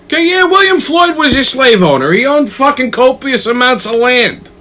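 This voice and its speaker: High-voiced ranting male host. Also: sing-song, normal speed, bright, forceful tone. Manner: profane, exasperated, keeps tagging "okay?". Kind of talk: ranting comedic commentary.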